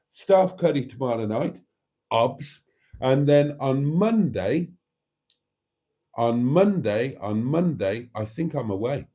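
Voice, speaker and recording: A man chatting warmly with viewers on his live stream, camp and talkative, laughing often and calling them darlings. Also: medium pitch.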